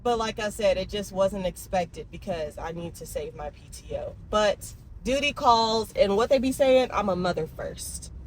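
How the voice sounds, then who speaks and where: A young woman talks straight to her viewers in a loose, emotional vlog, her pitch sitting in the middle. Faint traffic and outdoor ambience hum behind her. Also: animated, moderate pace, few pauses. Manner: chatty, emotional, talks to her dogs in baby talk. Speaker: vlogger. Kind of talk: casual vlog chat.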